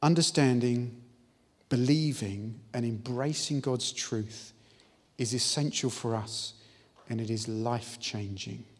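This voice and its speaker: Husky-voiced man preaching in an echoing hall. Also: medium pitch, measured pace. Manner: earnest, emphatic, exhorting. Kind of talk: sermon. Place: church hall. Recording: live-stream audio with long hall reverb.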